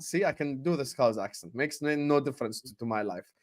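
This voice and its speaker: A man's voice: mid-range voice, a little fast. A man hosting a casual football chat, teasing his co-host, laughing often and swearing casually. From Jordan. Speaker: podcast host.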